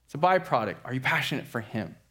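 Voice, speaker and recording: A man preaching a sermon as a pastor, telling a story with lively acted-out quotes. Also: mid-range voice, fast. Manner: animated storyteller acting out quotes.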